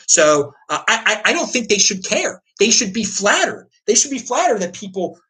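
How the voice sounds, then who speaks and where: A man's voice: high-pitched, big pitch swings, normal speed, bright, forceful tone, low-quality recording. A man hosting a livestream, talking off the cuff in an emphatic, ranting way, repeating himself and restarting often. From United States. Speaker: crypto livestream host. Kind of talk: unscripted opinion talk answering viewers.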